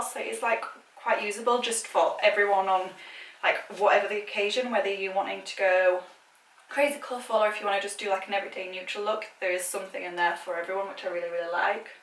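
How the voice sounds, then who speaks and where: Her voice is mid-range with a fairly bright tone as this British woman vlogs about makeup swatches. She's chatty and effusive, full of filler words, and the mic sits at a distance in a room with echo.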